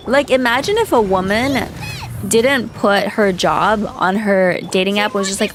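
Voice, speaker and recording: A woman's voice: mid-range voice, unhurried. Young woman vtuber gossiping on stream, lots of "like", faint music behind. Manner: chatty, gossipy, lots of "like", laughs and exasperated outbursts. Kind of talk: casual livestream storytime chat.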